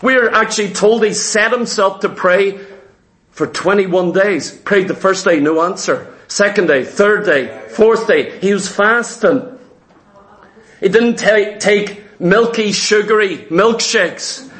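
A middle-aged man preaching a sermon, animated and acting out the voices of the people he quotes. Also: high-pitched, slow.

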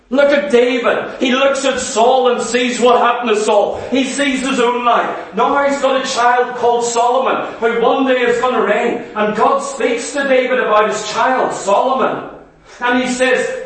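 A man's voice: very high voice, fairly bright tone, recorded from a distance. A man preaching a sermon, earnestly putting questions to the congregation. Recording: echoey hall, voice away from the mic.

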